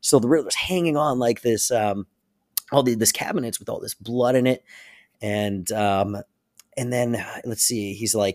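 A man co-hosts a casual podcast and eagerly retells a story. His voice sits on the low side and sounds dry and close to the mic. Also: a little slow, dry recording. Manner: animated retelling with frequent laughs. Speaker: podcast co-host. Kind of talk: casual chat.

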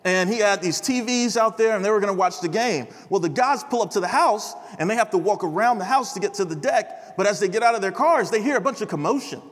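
A young man preaching at a chapel service in a casual, animated storytelling manner. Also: high voice, fast talker, hardly any pauses. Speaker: chapel speaker. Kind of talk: sermon with storytelling. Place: large chapel hall. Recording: reverberant hall.

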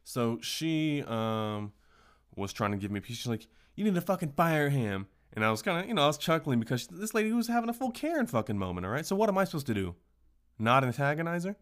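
A man's voice: mid-range voice, very animated, fast, fairly bright tone. A man hosting a casual solo podcast, telling stories in a profane, ranting way. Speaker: podcast host.

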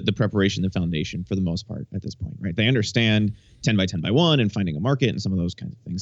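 Brief: low-pitched male co-host, chatty and loose, dry dull lo-fi recording. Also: dry recording. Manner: conversational, laughs often, repeats words. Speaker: podcast co-host. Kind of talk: casual podcast chat.

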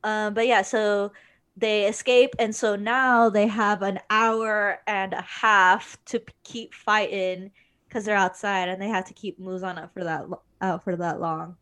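A young woman co-hosts a relaxed conversation. She rambles, sighs often and gets emotional as she speaks, with fillers between her thoughts. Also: mid-range voice, measured pace, clean tone. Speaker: podcast co-host. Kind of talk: casual chat about an anime series.

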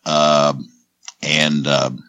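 A man's voice: a bass voice, level tone, drawn-out words, pushed and bright, clean tone, dry recording. A man co-hosting a movie podcast with folksy humor. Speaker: podcast co-host. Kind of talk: casual podcast chat.

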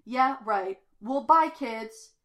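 A woman voicing an intense, conspiracy-minded teenage boy who bursts into loud, excited outbursts. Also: a little high, takes it slowly, muffled recording. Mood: breezy.

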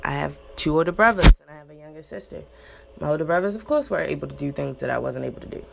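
A young woman talking candidly and profanely about relationships and family, with loud high bursts when she gets worked up. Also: quick pace, creaky, a little hiss or hum. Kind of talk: candid casual monologue.

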